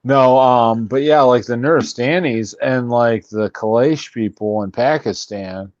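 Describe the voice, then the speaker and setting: A man's voice: mid-range voice, unhurried, darkish tone, lo-fi sound. A man who is a podcast guest, chatting casually with loose phrasing and frequent chuckles. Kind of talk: casual chat.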